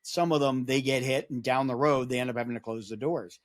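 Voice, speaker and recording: A man guesting on a podcast interview with a voice of ordinary middle pitch. He talks through his points at length, telling them like a story in a relaxed, conversational way. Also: brisk. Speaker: podcast guest, security awareness advocate.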